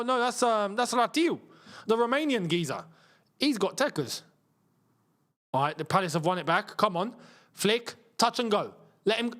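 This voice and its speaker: A young man talks through a live football match for his viewers, using casual slang. His voice sits high and swings widely, and he bursts into yells whenever a chance goes begging. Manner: excitable, shouts at chances, chatty slang. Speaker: football channel host. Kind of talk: live match watchalong commentary.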